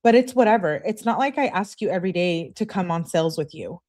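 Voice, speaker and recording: A woman voicing a jealous, demanding young woman in a whiny, high voice. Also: animated, fast, a little mellow, natural voice.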